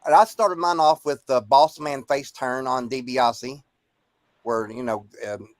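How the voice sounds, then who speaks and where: An upbeat man hosts a casual wrestling talk show and steers the conversation. His voice has a middle pitch. The sound is dry and close. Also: measured pace, no echo. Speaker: podcast host.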